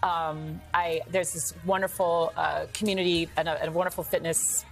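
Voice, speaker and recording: A woman's voice: fairly low pitch, flat delivery, normal speed, gravelly, faint music behind. A woman from Georgia, a Broadway actor, chatting as a bubbly talk show guest who laughs and restarts her sentences. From Georgia, USA.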